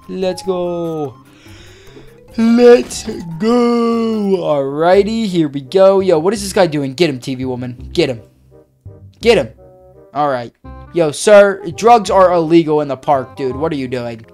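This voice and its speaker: A woman narrating a game role-play casually, in an excitable, slangy way, often yelling in alarm. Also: fairly low pitch. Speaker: gaming video creator.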